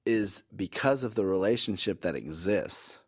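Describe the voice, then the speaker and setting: A man's voice: on the low side, animated, normal speed, slightly rough. A middle-aged man co-hosting a podcast, talking casually and rambling with many fillers and restarts. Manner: rambling, self-correcting, lots of "like" and "you know". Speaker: podcast co-host. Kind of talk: casual conversation.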